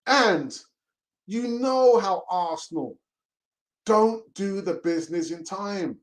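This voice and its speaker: A man's voice: high-pitched, expressive, slow. A man hosting a casual live stream, reading chat messages aloud, laughing and mockingly acting out pleading voices. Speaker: host of a fan channel reading live chat.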